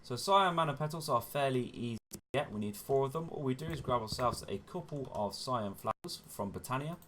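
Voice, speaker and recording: A man's voice: medium pitch, animated, fairly quick, a bit bright, a little hiss or hum. A man hosting a gaming channel, giving chatty step-by-step gameplay commentary and often correcting himself as he goes. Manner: chatty, self-correcting, often says "wonderful".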